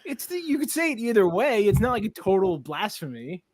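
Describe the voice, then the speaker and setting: Animated young man bantering. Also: high voice, a little fast. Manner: rambling, swearing, laughing often. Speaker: podcast co-host. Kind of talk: casual banter.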